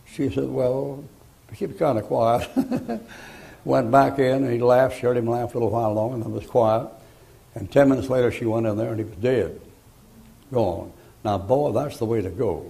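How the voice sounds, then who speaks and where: An older preacher with a drawl delivers a sermon in a gravelly, creaky voice. He tells homely stories, then breaks into loud, emphatic preaching. His pitch sits in the middle range for a man. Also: moderate pace. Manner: folksy storytelling with sudden loud preaching bursts.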